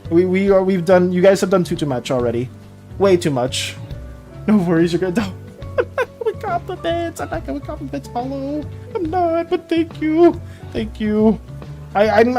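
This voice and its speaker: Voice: medium pitch, darkish tone. A streamer chatting casually with viewers while drawing, stammering and repeating words, emotional and flustered.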